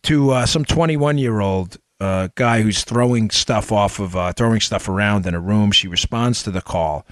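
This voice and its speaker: Hosting a political talk show, a man delivers opinionated commentary laced with sarcasm and mocking quotes, swinging from loud outbursts to low asides. He keeps a moderate pace with hardly any pauses, in clean studio sound with no room sound.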